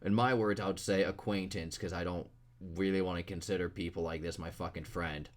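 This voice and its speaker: A man's voice: low-pitched, steady tone, brisk. A young man ranting blunt, profane advice to other artists in a casual vlog.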